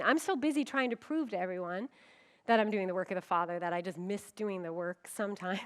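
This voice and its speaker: A middle-aged woman pastor giving a conference sermon, telling stories with humor and acting out quoted voices. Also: mid-range voice. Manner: humorous, with frequent laughs.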